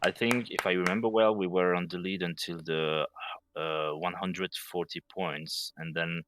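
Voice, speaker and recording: A man's voice: deep voice, steady tone, a little slow, noisy background. A man, a guest team leader on voice chat, speaking hesitantly with many restarts. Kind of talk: casual voice chat.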